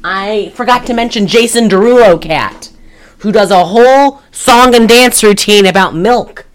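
A woman's voice: medium pitch, a little slow, low-quality recording. A woman hosting a podcast, chatting casually and jokily about a movie, with some swearing. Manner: animated, jokey, swearing, breaks into laughs. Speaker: podcast host. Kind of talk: casual movie-review chat.

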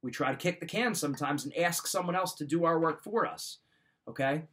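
A man's voice: a little high, fairly quick, a bit bright. A man hosting a motivational talk, giving life advice in a direct coaching manner and repeating his key points.

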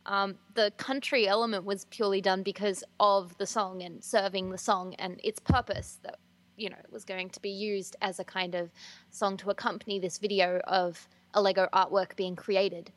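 A woman's voice: mid-range voice, level tone, normal speed, fairly bright tone. A young Australian woman, a musician guest, talking in a chatty, giggly way with many ums. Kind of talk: casual interview chat.

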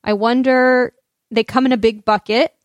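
A woman co-hosts a podcast in playful, easygoing chat. Her voice sits a little high and the sound is dry and close. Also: steady tone, normal speed, no echo. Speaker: podcast co-host. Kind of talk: casual chat.

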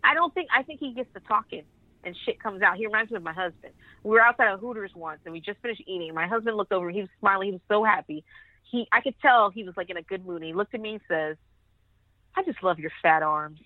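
A woman's voice: medium pitch, quick pace, no room sound. A woman co-hosting a podcast in casual chat, blunt and profane, laughing easily. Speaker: podcast co-host. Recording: tinny, dry phone-line sound.

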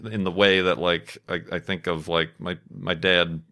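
A man's voice: sits low, level tone, normal speed, pushed and bright. A man in his thirties chatting casually over gameplay, rambling and self-deprecating, laughing often between thoughts. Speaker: gaming YouTuber.

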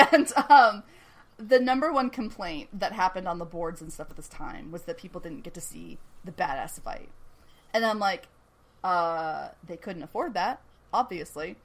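A woman co-hosting a podcast in casual chat, animated, laughing often and swearing casually. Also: lowish voice, moderate pace. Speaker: podcast co-host. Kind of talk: casual chat recapping a TV episode.

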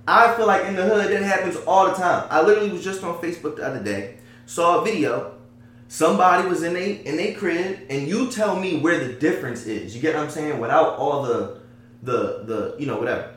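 Animated man in an echoey room. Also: on the high side, fairly quick. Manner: animated, conversational, often asks "you get what I'm saying?". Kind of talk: casual debate chat.

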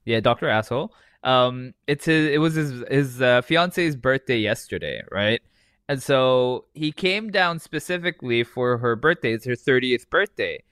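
A man's voice: medium pitch, lively intonation, measured pace, a bit bright, clean tone, no echo, studio quality. A man co-hosting a podcast in casual chat, joking and swearing a lot. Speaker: podcast co-host. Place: hot desert city.

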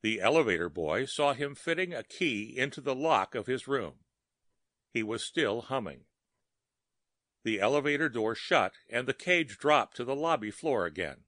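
Slow, bright-voiced male storyteller. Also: fairly low pitch, expressive, dry recording, clean studio sound. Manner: measured, dramatic reading. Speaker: narrator. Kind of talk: scripted story narration.

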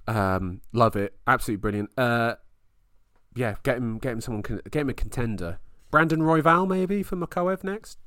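An excitable man co-hosting a casual fight podcast, his voice leaping up and down as he runs through results. He laughs often and swears freely. The sound is close and dry. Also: medium pitch, normal speed, no echo. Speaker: podcast co-host.

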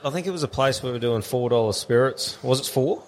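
A man's voice: mid-range voice, a little fast. An Australian man telling a story in casual podcast chat, swearing freely and laughing as he goes.

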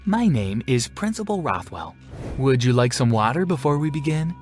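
A man voicing a stern, calm, scheming female school principal who talks in a cold, measured, threatening way, in a storybook reading. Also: mid-range voice, soft background music, pitched above the performer's own voice, close to an everyday voice. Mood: coolly polite.

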